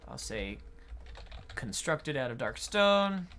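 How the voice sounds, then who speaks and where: A man acting as a game master, explaining adventure design in an unhurried tutorial talk while thinking aloud. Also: medium pitch, big pitch swings, pushed and bright, soft background music.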